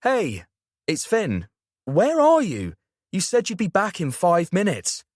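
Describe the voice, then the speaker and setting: A man's voice: high-pitched, wildly swooping pitch, dry recording, studio quality, pitched above the performer's own voice, heavily acted. A man voicing an earnest, apologetic young man. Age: young adult. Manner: apologetic, quick.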